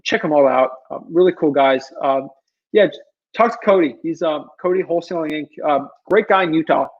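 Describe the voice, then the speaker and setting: A man's voice: on the high side, a little fast, highs cut off. A man hosting a casual livestream Q&A, rambling and pleading, with many ums and restarts. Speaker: livestream Q&A host.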